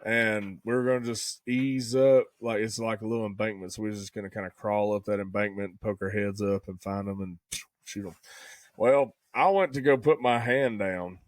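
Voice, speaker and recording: A man's voice: on the low side, fairly even intonation, moderate pace, dry recording. A man, co-hosting a podcast and telling a hunting story in a folksy, casual way. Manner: folksy storyteller, says "buddy" and "dude" a lot. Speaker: podcast co-host.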